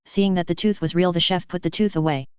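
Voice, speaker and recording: A woman reads a first-person fan story aloud at a steady, plain pace. Her voice is lowish, very smooth and clear, recorded dry with a slightly dull, lo-fi sound. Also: quick pace, dry recording. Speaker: narrator.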